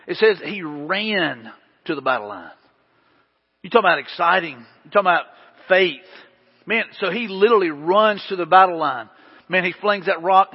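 A male pastor with a high, husky voice delivers a folksy, story-driven sermon to his congregation. His voice trails off into a long church-hall echo, and the recording sounds dull and lo-fi. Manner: conversational, storytelling preaching with folksy asides.

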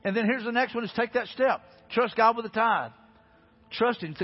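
A pastor preaching a sermon, earnest and repetitive, building to emphatic peaks. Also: male voice, high-pitched, moderate pace, breathy edge. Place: church sanctuary. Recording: dull reverberant church hall with faint music.

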